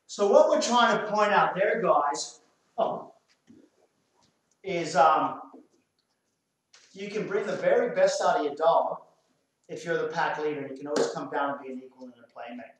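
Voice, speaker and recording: A man's voice: a little high, moderate pace, long pauses. An Australian man, a dog trainer, explains a drill while giving firm short commands to dogs. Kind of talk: hands-on training demonstration. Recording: very echoey, far from the mic.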